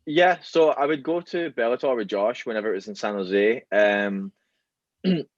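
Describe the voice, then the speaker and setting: A Scottish man with a Glaswegian accent chats casually as a podcast guest, rambling with many fillers and restarts. His voice is medium-pitched at a normal speed, on a dry, lo-fi recording.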